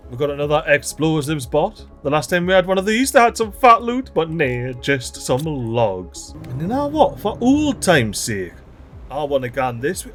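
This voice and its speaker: A man giving chatty, excitable let's-play commentary, full of mild swearing and local slang. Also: fairly high pitch, moderate pace, faint music behind. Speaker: gaming video host.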